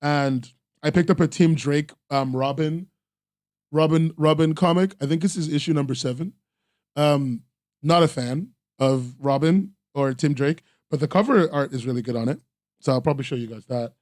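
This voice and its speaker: Male podcast host, tired, rambling casual chat with fillers, fairly high voice, dry sound. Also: moderate pace, darkish tone, dry recording. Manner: rambling, self-deprecating, frequent ums and laughs. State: tired, sore from three days at a convention.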